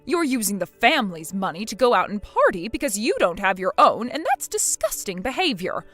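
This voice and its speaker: A woman's voice: mid-range voice, very animated, a little fast, fairly bright tone, soft background music. A woman voicing a bossy, scornful middle-aged mother-in-law in a text-message drama, harsh and scolding.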